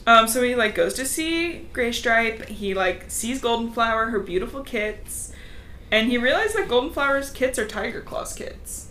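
A woman with a fairly high voice co-hosts a podcast and retells a book in a quick, casual way. She briefly acts out the characters' lines as she goes. Faint background noise sits behind her voice. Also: expressive, sharp tone. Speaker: podcast co-host. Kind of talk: casual book recap chat.

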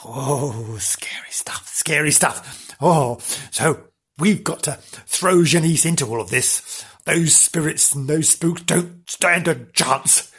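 A man from Wales hosts a comic ghost-story show, drawing out his words in a hammy, mock-spooky way. His voice is slightly husky. He lets his sighs and murmurs linger between the lines. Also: fairly high pitch, slow pace, a bit bright. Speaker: host.

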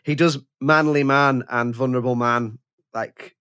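A man's voice: mid-range voice, fairly even intonation, unhurried, a bit bright, clear, resonant tone. A man hosting a film podcast, talking casually and often repeating words while he collects his thoughts. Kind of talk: casual film review chat.

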